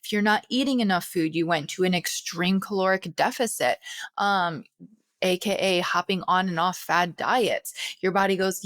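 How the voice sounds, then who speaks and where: A woman's voice: fairly low pitch, moderate pace, a bit bright, no room sound. A woman hosting a health podcast in her thirties, talking casually and checking in with frequent "okay?" asides. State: out of breath. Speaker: podcast host. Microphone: podcast recording setup.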